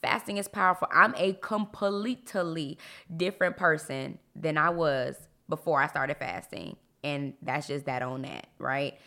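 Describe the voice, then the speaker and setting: Lively woman hosting a faith podcast. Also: unhurried, gravelly. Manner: lively, swings up and down in pitch, laughs often. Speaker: podcast host. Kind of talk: casual faith podcast talk.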